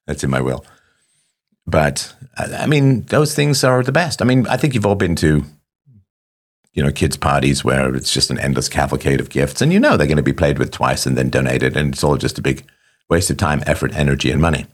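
A man's voice: extremely low pitch, expressive, fairly quick, husky. A middle-aged man hosting a show, talking casually to listeners in a rambling, wry way with self-mocking asides. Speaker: show host.

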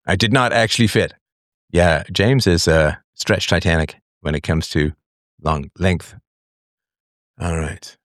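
A man's voice: low-pitched, unhurried, long pauses, fairly bright tone, dry recording, studio quality. A man hosting a live call-in talk show, musing and chatty, with many fillers and asides. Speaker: show host.

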